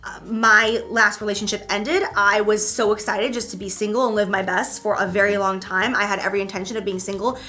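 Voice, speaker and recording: A woman hosting a casual couple Q&A chat, animated and quick to act out her stories. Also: medium pitch. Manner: animated, acts out voices and stories. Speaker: host.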